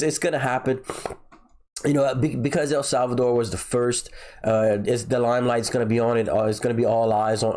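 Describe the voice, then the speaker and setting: A man's voice: mid-range voice, darkish tone. A man hosting a casual crypto livestream, nasal and congested from a sinus infection, rambling and often repeating himself.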